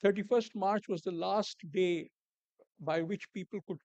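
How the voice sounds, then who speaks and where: A man with a rather high voice delivers a formal conference address, speaking in a measured, deliberate way. He repeats words for emphasis and drops in dry asides. The sound is close and dry, with almost no room echo. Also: fairly even intonation, a little mellow. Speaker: panel speaker. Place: conference hall.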